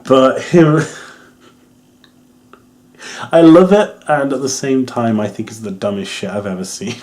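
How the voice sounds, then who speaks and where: Young English guy, mid-pitched, casual rambling reviewer who laughs and swears a lot. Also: fairly even intonation, measured pace, pauses often, a little mellow. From England. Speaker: wrestling reviewer.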